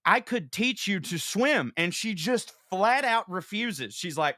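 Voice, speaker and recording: A man hosting a podcast, telling profane, animated comic stories in casual chat. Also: high-pitched, a little slow, no echo, clean studio sound. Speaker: podcast host.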